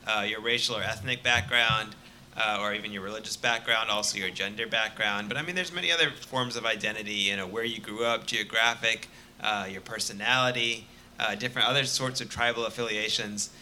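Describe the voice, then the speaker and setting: A man's voice: lowish voice, fairly even intonation, fairly quick, bright, forceful tone, slight background noise. A man, a journalist guest on a live panel, speaking thoughtfully with plenty of fillers. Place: live show stage.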